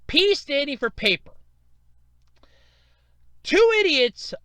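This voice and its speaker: A man's voice: very high-pitched, slow pace, dry recording. A man hosting a solo podcast, ranting sarcastically, swearing freely and acting out quoted voices. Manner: animated, sarcastic, cursing, acts out quoted voices. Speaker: podcast host.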